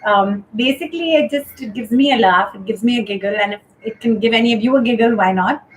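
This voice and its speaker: A woman's voice: on the high side, fast talker, a little hiss or hum, low-quality recording. A woman hosting a casual live-stream chat show from home, talking in a chatty way with many fillers. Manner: chatty, lots of "you know" and "um". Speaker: host of a live talk show. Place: home during lockdown.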